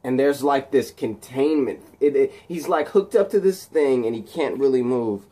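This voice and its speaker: A man casually retelling a film scene by scene, halting and restarting his words. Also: mid-range voice, mellow.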